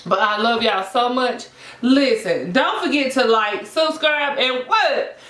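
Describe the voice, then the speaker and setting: A woman, chatting to viewers in a sassy, animated, gossipy way while eating on camera. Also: on the high side, takes it slowly. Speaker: mukbang vlogger. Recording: echoey room.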